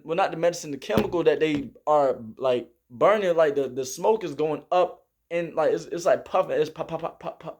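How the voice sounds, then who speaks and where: A young man with tells a story in a casual vlog. His voice sits a little high for a man. He talks in an animated way, acts out shouted quotes and fills his speech with "like" and "bro". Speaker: vlogger recounting army basic training.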